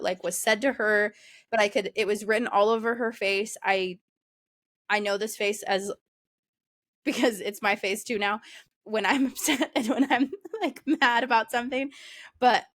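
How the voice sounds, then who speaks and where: A woman's voice: mid-range voice, fairly bright tone. Young woman, podcast co-host, casual chat, giggly, lots of fillers. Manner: chatty, laughs often, many fillers.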